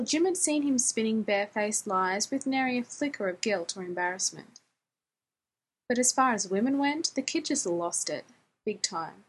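Husky woman narrating fiction. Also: medium pitch. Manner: wry, conversational, profane.

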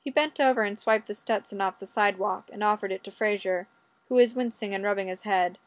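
A woman reading fiction aloud in an even, steady storytelling voice. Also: medium pitch, fairly quick. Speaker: narrator.

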